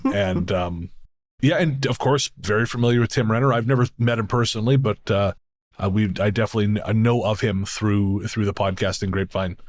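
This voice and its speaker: A man's voice: on the low side, brisk. A man co-hosting a podcast in casual chat, rambling and self-deprecating, laughing at his own stories. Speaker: podcast co-host.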